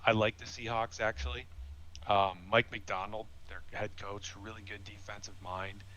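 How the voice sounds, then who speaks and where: A man's voice: lowish voice, flat delivery, normal speed, pushed and bright, rough recording. A man giving casual sports opinions, emphatic and sometimes sarcastic. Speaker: guest, sports analyst.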